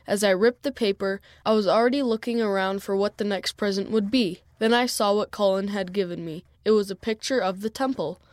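A woman reading a children's story aloud in first person, with a clear, even storytelling manner. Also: medium pitch, a little fast, few pauses, no room sound. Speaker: storybook reader.

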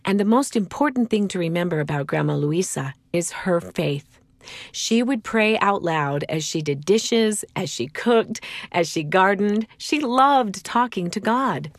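A woman voicing a mother who tells her daughter gentle stories about a faithful ancestor. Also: mid-range voice, animated, measured pace, dry recording. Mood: fond. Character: warm, faithful mother telling family stories. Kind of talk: children's magazine story reading.

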